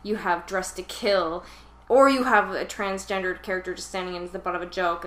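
A woman's voice: on the low side, steady tone, quick pace, a bit bright. A woman co-hosting a podcast, talking casually and animatedly about a film. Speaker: podcast co-host. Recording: roomy echo.

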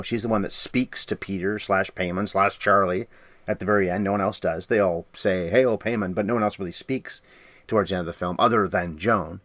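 Brief: male podcast co-host, brisk and chatty, dry studio sound. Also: on the low side, fairly bright tone, no echo. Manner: quick, talkative, jokey asides. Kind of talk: casual film discussion.

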